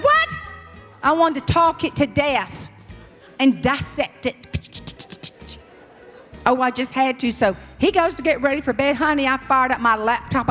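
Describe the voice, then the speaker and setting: A middle-aged woman with a Southern US accent telling a sassy, animated story as a professional speaker before an audience in a large hall. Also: fairly high pitch. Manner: sassy, animated storyteller who acts out quotes. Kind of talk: storytelling keynote speech. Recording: live stage talk in a reverberant hall.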